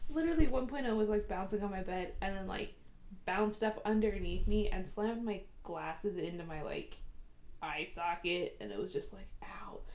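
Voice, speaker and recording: A woman and mother co-hosting a relaxed podcast conversation. She talks in lively, quick bursts at a middle pitch and laughs along easily. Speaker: podcast co-host. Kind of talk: casual chat.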